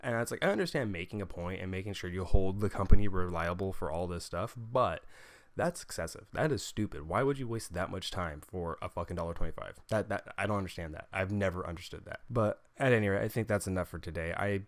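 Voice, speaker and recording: Young guy ranting about retail, low voice, cussing a lot, dead dry room. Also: quick pace, no room sound. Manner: heated, profane storytelling with many fillers. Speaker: vlogger. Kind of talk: casual rant.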